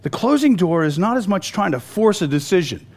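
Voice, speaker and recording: 高めの声で抑揚豊かに語る男性説教者。くだけた語り口で、言い直しを交えながら話す。. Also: male voice, sits high, fairly quick. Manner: conversational and animated, with frequent restarts and storytelling. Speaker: preacher. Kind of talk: sermon.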